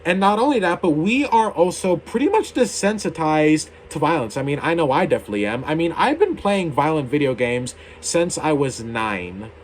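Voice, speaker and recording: A man's voice: on the high side, sing-song, normal speed, few pauses, slight background noise. Heated young man ranting to camera. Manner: heated, indignant, swears casually. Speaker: YouTuber. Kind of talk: ranting opinion video.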